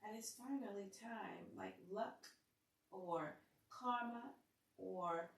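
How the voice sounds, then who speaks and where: A woman's voice: mid-range voice, slow, recorded from a distance. A woman giving a casual tarot reading to her viewers, chatty and playful, talking to the cards as she lays them out. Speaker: tarot reader. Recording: roomy sound, set back from the mic.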